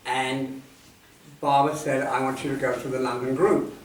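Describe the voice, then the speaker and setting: A man in his seventies shares personal memories at a talk, speaking softly and reflectively and letting his sentences trail off. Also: mid-range voice, little pitch movement, moderate pace. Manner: reflective, soft-spoken, trailing off at line ends. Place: meeting hall at a centre. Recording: echoey hall, distant mic, faint noise.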